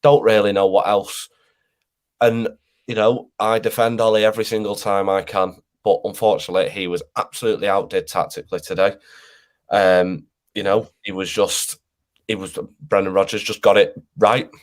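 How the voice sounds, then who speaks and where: A man's voice: on the low side, little pitch movement, moderate pace. Exasperated ranting male football fan. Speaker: fan panelist. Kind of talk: casual fan panel chat.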